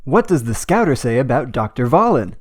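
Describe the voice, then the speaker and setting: A man narrates a strategy game with dry, sarcastic humor. He speaks in a deadpan manner at a middle pitch. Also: brisk, slight background noise. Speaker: gameplay commentator. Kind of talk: comedic scripted let's-play commentary.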